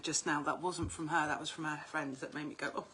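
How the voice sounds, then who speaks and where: A woman's voice: low voice, a little fast, slightly rough. A middle-aged woman, chatting casually on a livestream as an oracle card reader, talkative and prone to swearing. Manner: chatty, animated, swears freely.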